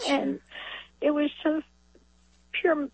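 A woman in her forties from New York, calling in to a radio show and speaking emotionally, with halting, tearful phrasing. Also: high voice, little pitch movement, vocal fry, no room sound. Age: 40s. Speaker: caller. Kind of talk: call-in testimony. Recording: tinny phone line.

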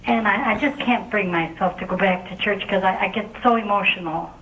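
A grieving woman calling in, speaking haltingly with many restarts, close to tears. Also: medium pitch, a bit bright. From United States. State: emotional, near tears. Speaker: caller. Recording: telephone line.

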